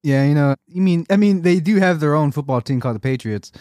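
A man's voice: fairly high pitch, expressive, fast, warm tone, no echo, studio quality. A man co-hosting a podcast in casual chat, crude and joking, laughing often. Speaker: podcast co-host.

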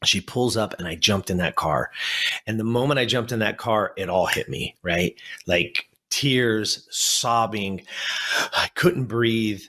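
A man's voice: fairly low pitch, slow pace, pushed and bright. A man in his fifties from Southern California, a coach and former athlete, telling an emotional personal story in earnest, repeating phrases for emphasis and speaking straight to the listener. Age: 50s.

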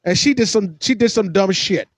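A man's voice: normal speed, no room sound. A man hosting a podcast, giving mocking, sarcastic reaction commentary on a clip. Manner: mocking, sarcastic, swings between shrill and low.

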